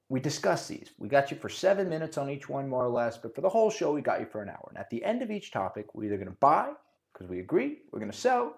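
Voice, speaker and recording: Man, podcast moderator, jokey, very animated pitch, casual explaining. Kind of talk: casual chat. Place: studio.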